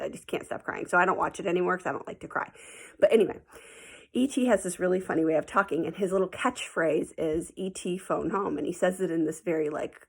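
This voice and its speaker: A woman's voice: lowish voice, gravelly, slightly rough. A woman teacher telling her students a playful story in a chatty, casual recorded message, sometimes dropping into a whisper.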